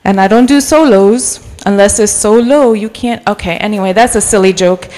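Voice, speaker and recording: A woman in her forties from New York City with a mixed North Jersey accent, a guest preacher warming up the church with chatty jokes, stories and bits of Spanish. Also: mid-range voice, normal speed. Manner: chatty and joking, mixing in Spanish phrases. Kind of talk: sermon with personal storytelling. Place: church sanctuary.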